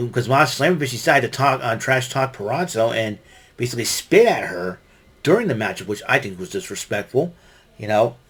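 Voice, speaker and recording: A man giving a casual solo wrestling recap, rambling with many fillers and restarts. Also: mid-range voice.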